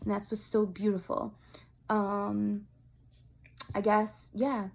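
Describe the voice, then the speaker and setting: A woman's voice: mid-range voice, slow, creaky. Chatty, upbeat woman vlogger. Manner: chatty and upbeat, many fillers like "like" and "um"; earnest, animated storytelling. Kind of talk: casual talk to camera.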